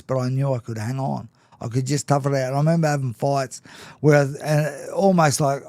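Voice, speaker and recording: A middle-aged man speaks as a guest, telling candid stories with frequent restarts and little laughs. His voice sits at an ordinary pitch. The recording is dry and close, with no room sound. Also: brisk, a little mellow, no echo. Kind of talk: candid storytelling in conversation.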